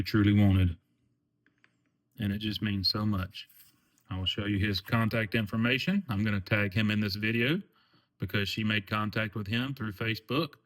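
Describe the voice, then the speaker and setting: A man with a Southern US accent chats in a casual vlog, his voice pitched on the low side. He talks in a folksy, earnest way, leaning on plenty of fillers as he goes. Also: a bit bright. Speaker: channel host.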